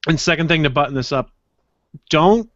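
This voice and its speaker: A man with a slightly high voice co-hosts a podcast, telling anecdotes in a relaxed, chatty way. His voice sounds dry and a little muffled, like a home setup. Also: moderate pace, dry recording. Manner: relaxed storyteller, acts out quotes. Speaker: podcast co-host. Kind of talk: casual podcast chat.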